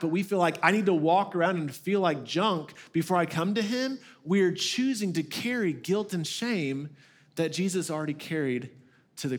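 High-voiced man preaching a lively sermon. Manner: storytelling, conversational, acts out quoted voices. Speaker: lead pastor.

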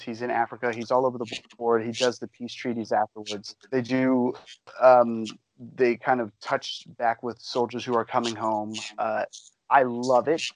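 A man's voice: medium pitch, dry recording, poor audio. A man co-hosting a podcast, chatting casually and rambling with lots of fillers. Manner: rambling, enthusiastic, many fillers. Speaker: podcast co-host. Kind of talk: casual chat.

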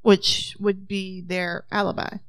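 A woman's voice: mid-range voice, flat delivery, slow, clear, resonant tone, dry recording. A woman who teaches, talking through a mystery game with friends, asking questions and thinking aloud. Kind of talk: casual group chat.

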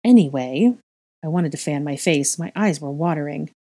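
A woman reading fiction aloud in a calm, steady narrating style. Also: sits low, a little fast. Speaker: reader.

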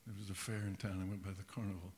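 A man playing a remorseful young boy who stammers out a confession in halting whispers during a sermon story. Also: deep voice, flat delivery, a little mellow, natural voice. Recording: echoey hall, faint hiss.

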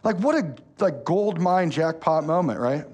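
A man, preaching a sermon as pastor, telling stories with lively energy and turning soft and slow when earnest. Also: a little high, husky. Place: church hall.

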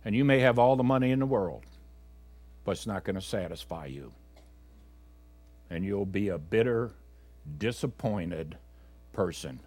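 A male pastor preaching a sermon to his congregation. He swings between loud, emphatic exhortation and quiet, low asides, talking conversationally with fillers and self-corrections. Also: animated, unhurried, long pauses, no echo.

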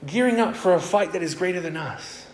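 A man's voice: high-pitched, expressive, a little fast, a little hiss or hum. A man preaching a sermon as pastor, telling stories animatedly and acting out the voices of the people in them. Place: church hall. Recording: roomy church hall sound.

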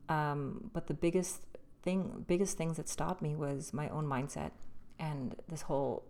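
Low, mellow-voiced woman podcast host. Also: steady tone, measured pace. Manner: loose, rambling, frequent restarts. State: slightly losing her voice. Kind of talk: solo casual storytelling.

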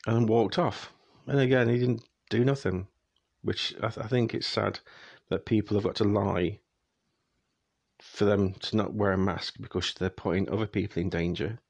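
A young man vents to his audience in an exasperated, ranting tone. His voice sits low with a gravelly fry, and it is recorded close and dry with no room sound. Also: fairly even intonation, moderate pace, no echo. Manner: exasperated, ranting, speeds up when annoyed. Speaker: vlogger. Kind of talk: casual ranting monologue.

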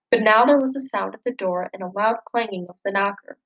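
A woman reading a children's picture book aloud, gently expressive and lifting her voice for the characters' lines. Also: mid-range voice, a little fast, few pauses, rough recording. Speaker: storybook reader.

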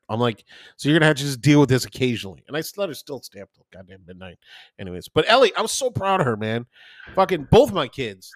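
A man in his thirties with a mid-range voice co-hosts a podcast, recorded as clean studio sound with no room tone. His casual chat is full of animated stories and free swearing, and he voices the characters he quotes.

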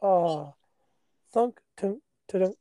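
A young man from Canada, co-hosting a podcast, telling stories in animated casual chat and belting out chants. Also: high voice, very slow, dry recording. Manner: animated storyteller, breaks into laughter, belts out chants. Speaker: podcast co-host.

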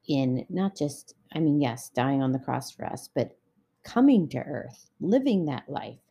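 A woman's voice: low voice, gravelly, mellow, husky. A middle-aged woman giving a casual devotional talk, conversational and full of personal anecdotes. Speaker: Christian relationship speaker.

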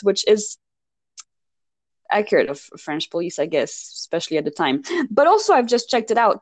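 A woman's voice: fairly low pitch, darkish tone, dry recording. A woman co-hosting a podcast, chatting casually and rambling about a film with lots of fillers and asides. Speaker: podcast co-host. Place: lived in Paris.

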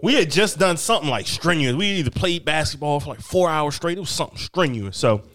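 A man casually telling a funny story on a podcast, animated and often laughing as he acts out what others said. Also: on the high side, brisk, over a noisy crowd. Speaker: podcast host.

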